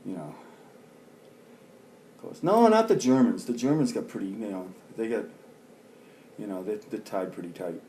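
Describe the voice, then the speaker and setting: A middle-aged man with a somewhat low voice rambles through a profane vlog rant, padding it with fillers. A faint noise sits under the recording. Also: lively intonation, normal speed, long pauses, warm tone. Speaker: vlogger. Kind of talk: ranting vlog monologue.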